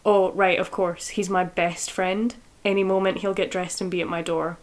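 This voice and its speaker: A woman reading as a deadpan sarcastic young woman. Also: on the low side, normal speed, natural voice. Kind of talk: reading a novel excerpt aloud.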